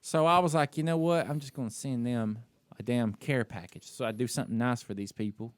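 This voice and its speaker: A man with an average-pitched voice talks casually on a podcast and tells a story about himself without holding back. He is self-critical and piles on "you know" and "like". The sound is close and dry, with no room echo. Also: steady tone, fairly quick. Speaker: podcast co-host. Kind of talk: casual chat.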